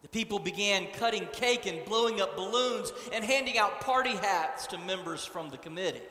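A man preaching a sermon as a story, with dramatic, animated delivery. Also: high voice, moderate pace. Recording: echoey hall.

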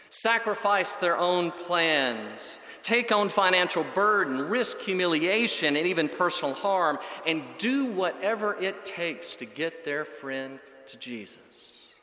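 Male preacher, fairly high bright voice, measured emphatic sermon delivery, roomy echo. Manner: measured, emphatic, builds lists. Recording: echoey hall with long reverb.

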